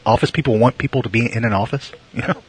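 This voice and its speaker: Husky-voiced man in casual chat. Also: mid-range voice, fast talker, rough recording. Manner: rambling, filler-heavy, wry jokes.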